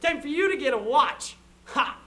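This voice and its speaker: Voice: high voice, lively intonation, moderate pace, background noise. A performer voicing a boastful young boy trading taunts with a friend in a comic scene. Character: boastful young boy bragging about his dad.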